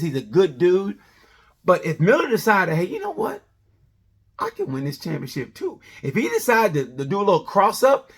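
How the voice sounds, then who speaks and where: A male comedian giving a rambling, animated comedic review of a motorcycle race, full of tangents. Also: fairly high pitch, slightly rough. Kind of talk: comedic sports review monologue.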